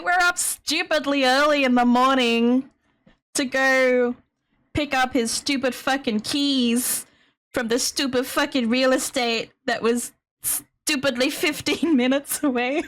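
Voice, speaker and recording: A woman's voice: sits high, fairly bright tone. A young woman telling a profane, grumbling story to her stream chat, laughing often.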